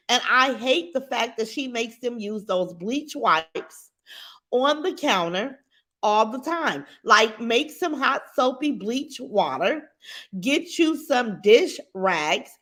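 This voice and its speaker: Blunt, opinionated woman talking to her chat. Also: fairly high pitch. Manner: blunt, opinionated, animated, addresses chat directly. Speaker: livestream commentary host. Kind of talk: casual reaction livestream, reading chat.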